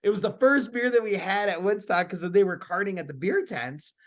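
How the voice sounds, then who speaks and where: A man in his thirties who hosts a podcast tells a story in casual chat, animated and laughing as he goes. His voice sits high and he talks a little fast.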